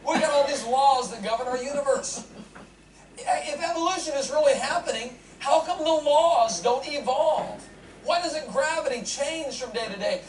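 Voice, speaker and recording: A man giving a humorous lecture to an audience, animated and joking, often asking the crowd questions. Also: very high-pitched. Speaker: seminar speaker. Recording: echoey hall, distant mic, noisy.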